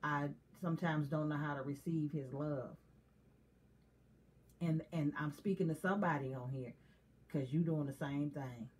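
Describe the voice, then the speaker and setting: A woman with a slightly low voice co-hosts a relaxed chat. She speaks candidly and confessionally, and laughter keeps breaking through her talk. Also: moderate pace, pauses often. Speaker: co-host. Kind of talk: casual chat.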